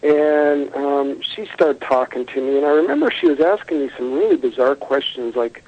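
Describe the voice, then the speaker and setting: A man talks through his memories at an ordinary pitch, earnest and rambling, stopping to restart his sentences. The sound comes through a dull, muffled line. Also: expressive, normal speed. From United States. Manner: earnest storytelling with fillers and self-corrections. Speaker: guest recounting encounters.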